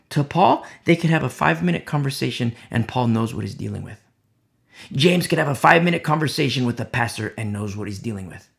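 A preacher delivering an animated sermon, driving points home with emphatic repetition and acting out the people in the story. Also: mid-range voice, creaky. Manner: acts out quoted voices.

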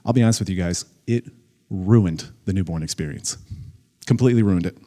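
A young adult man, a pastor, giving a conversational, animated sermon to a congregation. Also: sits low, a little fast.

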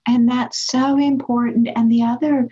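A woman hosts an interview with a husky, breathy voice, affirming and reflecting on her guest's points. Her voice comes through a dull, lo-fi recording. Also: on the high side, flat delivery, moderate pace, dark tone. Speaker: interview host. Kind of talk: interview conversation. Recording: dull lo-fi sound.

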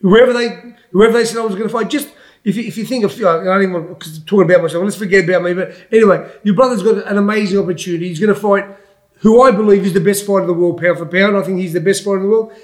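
A high-voiced Australian man in his sixties talks bluntly and loosely in a casual interview. He rambles from point to point and calls everyone "mate". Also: fairly even intonation, rapid-fire. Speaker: former boxer, guest pundit.

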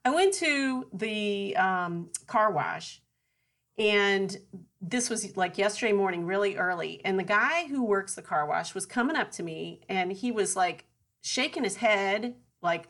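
A middle-aged woman co-hosting a casual chat, telling stories in a chatty, animated way and laughing often. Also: mid-range voice, moderate pace. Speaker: podcast co-host.

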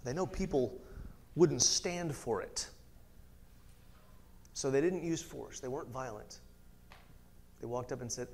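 A man's voice: medium pitch, a little slow, pauses often, a little mellow, slight background noise. A man leading a casual Bible study, reading scripture aloud and breaking off for chatty asides. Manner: conversational, laughs often, reads scripture aloud with asides. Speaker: Bible teacher.

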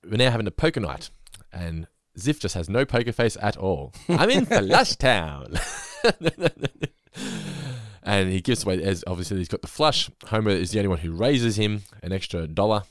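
A man's voice: lowish voice, no room sound. Laid back podcast guy rattling through a recap, dry close sound. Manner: chatty, laughing often, quick recaps. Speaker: podcast co-host. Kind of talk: casual podcast chat recapping an episode.

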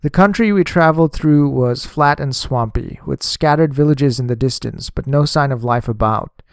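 A man narrating a first-person diary audiobook in a measured, even reading. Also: medium pitch, gravelly, clear, resonant tone, dry recording, studio quality.

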